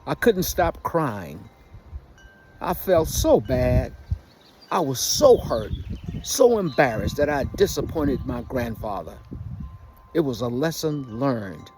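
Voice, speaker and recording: Slow, expressive male storyteller. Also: medium pitch, noisy background. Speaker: author. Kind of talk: storytelling narration.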